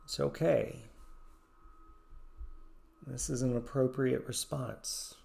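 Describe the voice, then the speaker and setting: A man who teaches yoga and meditation, leading a guided meditation in a soft-spoken, slow and gentle way with long pauses. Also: medium pitch, fairly even intonation, vocal fry.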